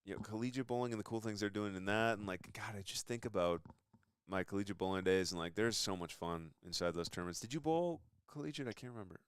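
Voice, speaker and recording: Deep-voiced enthusiastic male host. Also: quick pace, clear, resonant tone, no echo, clean studio sound. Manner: enthusiastic, rambling. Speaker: show host. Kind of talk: casual interview chat.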